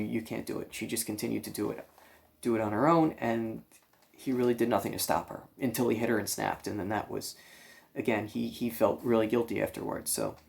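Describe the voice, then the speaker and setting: A man giving a casual spoken film review for a library channel, thoughtful and halting, with many fillers and restarts. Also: fairly low pitch, gravelly.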